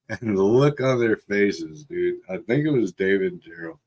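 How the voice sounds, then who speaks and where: A man's voice: fairly low pitch, expressive, measured pace, darkish tone. A middle-aged man from Texas telling a rambling story on a livestream, with lots of fillers and frequent laughs. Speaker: livestream host. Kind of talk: casual storytelling.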